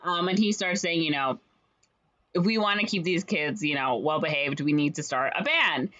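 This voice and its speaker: A woman casually retelling a story's plot in a rambling way, full of fillers and quick quoted voices. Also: deep voice, a bit bright. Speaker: podcast co-host retelling a musical's plot. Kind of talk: casual chat. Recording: slightly dull lo-fi audio.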